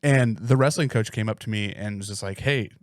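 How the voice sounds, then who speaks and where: In a relaxed podcast conversation, a co-host with a lowish voice spins rambling, profane stories at a slightly quick pace. The studio sound is clean, with no echo.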